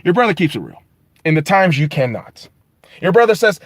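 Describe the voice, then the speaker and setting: A man hosting a podcast, ranting casually and profanely in an animated, rambling way. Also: a little high, brisk, dry recording. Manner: animated, rambling, heavy swearing. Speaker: podcast host.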